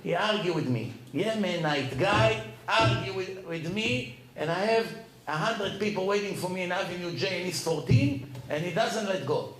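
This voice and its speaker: A rabbi telling personal stories in a lecture, acting out the dialogue. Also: male voice, normal speed, reverberant, low-quality recording. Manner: animated, acts out dialogue with rising pitch. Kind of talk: storytelling lecture.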